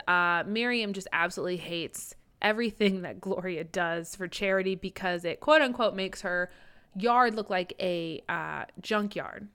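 Woman from georgia recapping a book, chatty, laughs a lot, smooth clear voice. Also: fairly low pitch, fairly bright tone. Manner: chatty, laughs often, summarizes plots. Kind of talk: casual book discussion.

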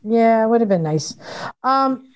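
A woman co-hosting a podcast in casual chat, lively and chatty. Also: fairly high pitch, measured pace, dull audio. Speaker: podcast co-host.

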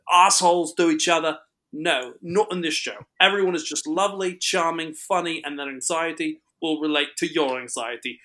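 A man's voice: on the high side, a bit bright. A man doing an attempted British accent, reading a playful mock-formal review he wrote. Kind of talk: read-aloud comic review.

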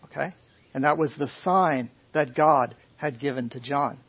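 A man preaching a conversational sermon to a Bible class, questioning his listeners in a folksy, animated way. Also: fairly high pitch, measured pace, slightly rough. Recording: dull lo-fi recording.

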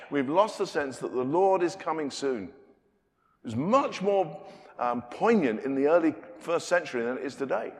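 A British man preaching a sermon in a conversational way, moving between loud emphasis and quiet asides. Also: on the high side. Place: church. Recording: long reverb of a church hall.

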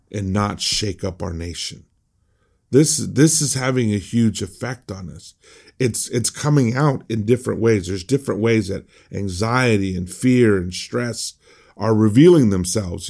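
A man's voice: lowish voice, vocal fry, darkish tone. A male pastor reading a passage of scripture and explaining it in an informal devotional, often repeating words as he restarts a thought. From United States. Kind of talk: devotional Bible teaching.

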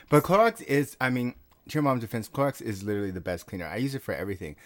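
A man's voice: medium pitch, expressive, racing, no echo. A man co-hosting a comedy show with wry, sarcastic remarks. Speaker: co-host. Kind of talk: casual comedy chat.

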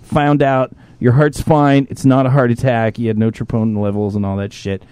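A man's voice: mid-range voice, normal speed, clean tone, dry recording. A man hosting a podcast, telling a personal story in casual talk, swearing freely and acting out other people's lines. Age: adult, a parent. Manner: profane, animated, jumps into impressions of others. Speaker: podcast host.

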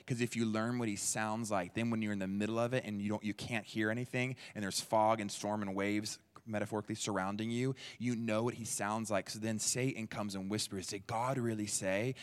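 A man preaching a sermon in a church, talking in a conversational, energetic way and acting out quoted people. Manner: conversational and energetic, jumps into playful high-pitched voices for quoted people. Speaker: pastor.

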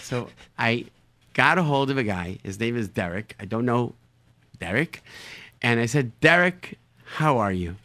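Man telling animated stories, dry sound. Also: medium pitch, normal speed, dry recording. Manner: animated, repeats words while searching for phrasing. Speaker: storyteller, show guest. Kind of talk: casual anecdote telling.

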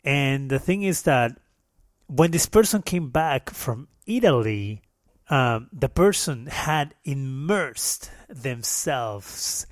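A man's voice: mid-range voice, no room sound. Playful Peruvian-accented man, dry sound. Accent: Peruvian Spanish. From Peru. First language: Spanish. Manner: playful, self-mocking, rambling asides. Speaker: podcast host. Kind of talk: casual solo monologue.

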